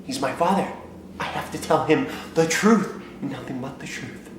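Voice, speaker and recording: A young man vlogger telling a comic personal story in an animated, self-mocking way, acting out scenes, recorded in a very echoey room. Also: a little high, moderate pace. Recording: very echoey room, faint noise.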